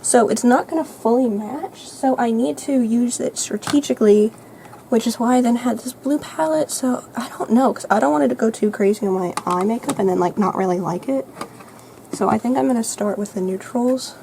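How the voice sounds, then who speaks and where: A teenage girl chatting casually through her makeup routine, rambling and thinking out loud. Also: a little high, normal speed, creaky, a little hiss or hum, poor audio. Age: teens. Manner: rambling, self-narrating, thinking aloud; soft, light voice at times. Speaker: vlogger. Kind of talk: chatty makeup get-ready-with-me vlog.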